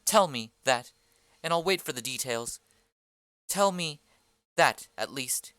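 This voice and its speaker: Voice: medium pitch, expressive, takes it slowly, fairly bright tone, dry recording. A reader doing an impatient, pleading young lover. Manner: pleading, pressing questions. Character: impatient young girl in love, eager and pleading. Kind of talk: amateur play reading.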